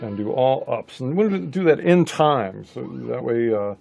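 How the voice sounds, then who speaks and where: Male guitar teacher, relaxed and easygoing, faint guitar playing under his voice. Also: mid-range voice, measured pace, creaky. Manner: relaxed, thinking aloud with restarts. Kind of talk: casual instructional talk.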